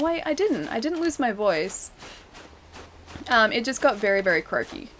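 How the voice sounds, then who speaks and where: A woman's voice: fairly high pitch, a little hiss or hum. A woman streamer chatting casually while she plays a game, reading viewer messages aloud and laughing often. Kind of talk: casual live-stream chat while gaming.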